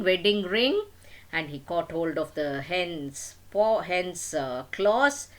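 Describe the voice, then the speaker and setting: An older woman telling a folk tale to children in an animated, dramatic way. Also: fairly low pitch. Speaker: storyteller. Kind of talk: storytelling to children.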